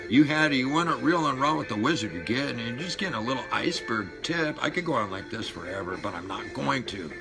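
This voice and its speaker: A man in his sixties ranting and swearing at his viewers, loud one moment and muttering low the next. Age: 60s. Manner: fired-up, profane, swings between shouting and low mutters. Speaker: vlogger. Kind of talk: profane rant to camera. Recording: music playing behind the voice.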